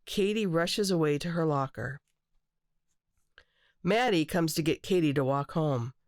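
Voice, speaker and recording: A children's book author reading her picture book aloud with clear, expressive storytelling. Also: low-pitched, a little slow, pauses often, no echo, studio quality.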